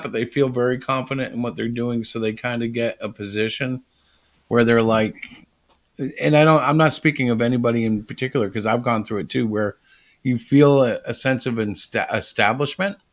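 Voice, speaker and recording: Casting note: male podcast host, mid-pitched, chatty and reflective, quick to laugh. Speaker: podcast host and comic creator. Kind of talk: casual podcast chat.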